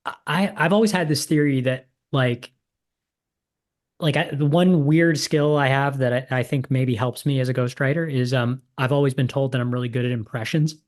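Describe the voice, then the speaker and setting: A man's voice: medium pitch, steady tone, normal speed. Thoughtful male podcast host. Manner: thoughtful, hesitant, repeats words. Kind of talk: casual interview conversation.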